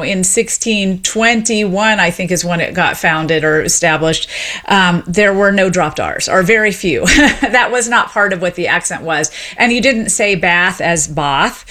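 A middle-aged woman from Tennessee, a sociolinguist being interviewed, explaining her field in an articulate, lively way. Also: medium pitch. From Memphis, Tennessee. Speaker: sociolinguist guest. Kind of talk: radio interview.

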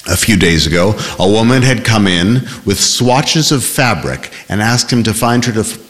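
A man reading a novel aloud in measured, expressive scripted narration, also speaking the shy bookseller's lines. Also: on the low side, big-room sound. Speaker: audiobook narrator.

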